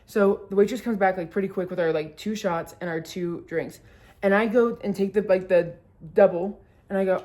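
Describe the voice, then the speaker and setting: A young woman in her twenties tells a casual storytime vlog, animatedly acting out what other people said and swearing freely. Her voice is medium-pitched and she talks fast.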